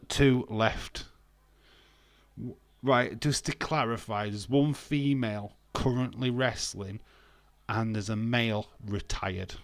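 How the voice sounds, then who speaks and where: Man, mid-pitch, self-mocking live-stream host, dry close mic. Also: no echo. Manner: chatty and self-mocking, laughs often. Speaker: streamer hosting a wrestling watch-along. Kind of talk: casual live-stream chat with viewers.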